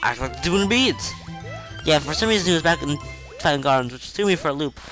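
A man casually commenting on a video game as he plays, chatty and rambling, with self-mocking asides and excited outbursts. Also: on the high side, brisk. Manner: excitable outbursts during play. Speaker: video game let's-play host. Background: faint game music.

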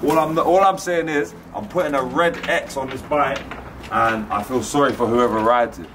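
A cheeky young man banters and swears as he jokes around for his vlog. His voice sits at a middling pitch, and clear noise runs behind him throughout the recording. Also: moderate pace, recorded from a distance. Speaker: vlogger. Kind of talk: casual banter. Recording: noisy background.

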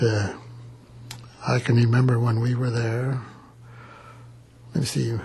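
A man's voice: mid-range voice, darkish tone, husky. A man in his eighties, a war veteran, recalling his wartime days in a plain-spoken, rambling oral history. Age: 80s.

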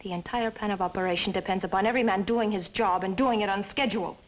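An actress playing a young, imperious wife plotting a conspiracy, in 1950s TV drama style, cold and commanding. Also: female voice, medium pitch, fast talker, natural voice, low-quality recording.

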